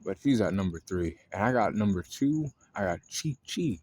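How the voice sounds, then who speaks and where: A man's voice: lowish voice, sing-song, normal speed, a little mellow, dry recording. A man casually rambling through an anime ranking, full of fillers and swearing. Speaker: anime video host. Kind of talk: casual chat.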